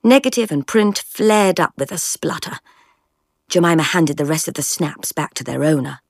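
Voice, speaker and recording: Expressive woman storyteller with a lively, varied delivery. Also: deep voice, normal speed, creaky, husky, dry recording, studio quality. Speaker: audiobook reader. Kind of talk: scripted story narration.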